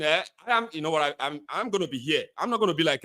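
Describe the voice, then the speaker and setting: Nigerian man hosting, animated and chatty. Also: a little high, racing. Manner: animated, drifting into Nigerian Pidgin asides. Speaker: show host. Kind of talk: casual chat.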